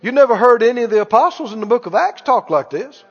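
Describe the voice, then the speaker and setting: Talking fast in a very high, husky voice, a male preacher delivers a lively, emphatic sermon, repeating his main lines to drive them home. The church sanctuary gives his voice a long ringing reverb, and the audio sounds dull and low-fidelity.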